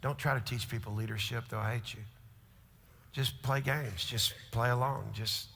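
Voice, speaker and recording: Gravelly pastor preaching in a hall. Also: male voice, mid-range voice, fairly even intonation, normal speed. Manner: storytelling, swings from hushed to shouting. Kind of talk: sermon. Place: large church auditorium. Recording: long hall reverb.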